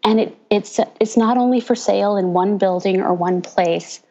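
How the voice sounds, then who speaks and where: Woman pastor, podcast guest; animated storyteller who imitates people she quotes; slightly muffled audio. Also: medium pitch, normal speed. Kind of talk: casual interview chat.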